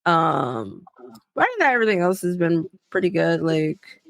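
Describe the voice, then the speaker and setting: A young woman tells a story on a podcast in a slightly low voice. She is animated and profane, and she acts out each side of the exchange. The sound is dry and close, with no room echo. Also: moderate pace, creaky. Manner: animated, profane, acts out both sides of conversations. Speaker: podcast co-host. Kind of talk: casual storytelling chat.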